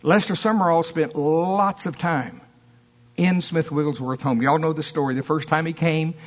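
A preacher, a man with a fairly high voice, delivers a sermon. He tells his stories with animation and acts out the lines of the people in them. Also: normal speed. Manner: animated storytelling, acting out quotes.

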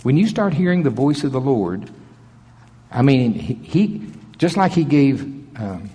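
A man's voice: medium pitch, sing-song, measured pace, dark tone, breathy edge. A middle-aged man preaching a conversational sermon, telling stories in a folksy, plainspoken way and chuckling often. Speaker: pastor. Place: large auditorium. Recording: long reverb of a big auditorium.

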